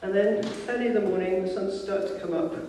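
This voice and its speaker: Male preacher, fairly high voice, mellow tone, casual storyteller style, distant echoey church recording. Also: brisk, slight background noise. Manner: lively informal storytelling, acting out voices. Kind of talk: sermon. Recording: echoey hall from far off.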